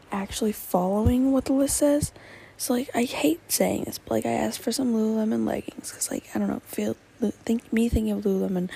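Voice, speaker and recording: A woman's voice: fairly high pitch, gravelly, dark tone, slightly rough, poor audio. A teenage girl hosting a solo podcast, rambling with lots of fillers and often dropping to a whisper, a little tearful. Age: teens. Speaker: podcast host.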